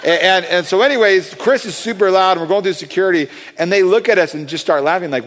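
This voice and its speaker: A man excitedly telling a testimony story about praying for people, rambling with many fillers and restarts. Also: high voice, quick pace. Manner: animated, acts out quoted voices. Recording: long hall reverb.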